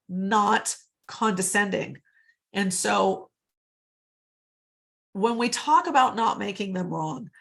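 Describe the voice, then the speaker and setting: Woman coaching agents over a video call, chatty and upbeat, bit of vocal fry, keeps saying guys. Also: medium pitch. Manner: chatty, upbeat, often addresses the audience as guys. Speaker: real estate sales coach. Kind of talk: live online coaching session.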